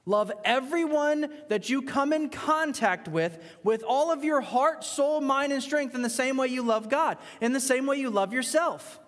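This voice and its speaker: A male pastor preaching a sermon in a church, emphatic, swinging between loud rising points and quiet asides. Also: extremely high pitch, unhurried, few pauses, big-room sound.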